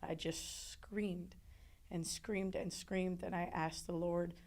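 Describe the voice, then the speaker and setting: Woman, interview guest, gravelly fry in her voice, emotional halting testimony. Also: lowish voice, little pitch movement, a little mellow. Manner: emotional, halting, with many restarts.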